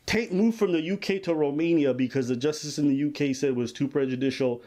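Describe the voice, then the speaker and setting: A man's voice: a little high, fairly quick, a little mellow. A man hosting a podcast, giving emphatic casual commentary on a legal case. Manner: emphatic, reads quotes aloud in dramatized voices. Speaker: podcast host.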